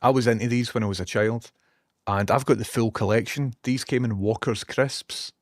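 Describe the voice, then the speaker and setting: A man's voice: mid-range voice, normal speed, no echo, clean studio sound. A Scottish man streaming from a small basement room, rambling casually, swearing now and then and reading out viewer messages. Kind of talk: casual live-stream chat.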